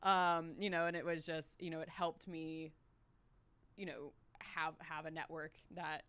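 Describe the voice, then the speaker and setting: Bright, smooth-voiced Southern woman. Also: deep voice, flat delivery, a little slow, no echo. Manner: laughs often, chatty. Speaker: podcast host. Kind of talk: casual interview chat.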